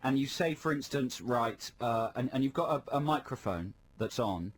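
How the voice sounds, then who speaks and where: A man's voice: mid-range voice, animated, normal speed, a little hiss or hum. A man co-hosting a radio show in a studio, explaining things and adding dry quips in casual banter. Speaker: radio co-host. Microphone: studio microphone.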